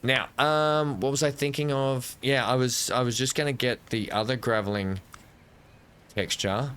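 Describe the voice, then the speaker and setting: A man's voice: medium pitch, fairly even intonation, moderate pace, fairly bright tone, smooth. A man giving casual let's-play commentary at a desk microphone, thinking aloud and correcting himself as he builds. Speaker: gameplay commentator.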